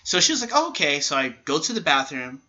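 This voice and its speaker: A man's voice: a little high, quick pace. A young man co-hosting a podcast, telling a story in a casual chat, acting out what people said and swearing freely. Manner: animated storyteller, acts out quotes, swears freely. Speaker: podcast co-host. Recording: lo-fi podcast recording.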